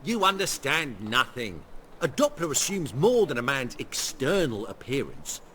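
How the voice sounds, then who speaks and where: A wry shapeshifter merchant. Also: male voice, medium pitch, sing-song, a little slow, fairly bright tone, slight background noise. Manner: wry, rueful and self-mocking. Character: weary middle-aged male shapeshifter posing as a ruined merchant. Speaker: game character. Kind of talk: video game voice acting.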